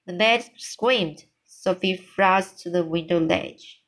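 A woman reading a children's book aloud, unhurried, with small restarts. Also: on the low side, fairly bright tone, rough recording. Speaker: reader.

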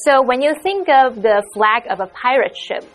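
A woman's voice: on the high side, animated, moderate pace, faint music behind. A woman co-hosting an English lesson show, chatting playfully and giggling now and then. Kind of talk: casual chat.

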